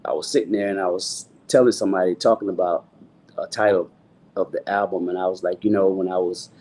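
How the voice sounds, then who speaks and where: A man's voice: sits low, steady tone, fast talker, a little mellow, slight background noise. A middle-aged man, a singer talking loosely in an interview and filling his talk with "you know what I'm saying". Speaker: guest singer.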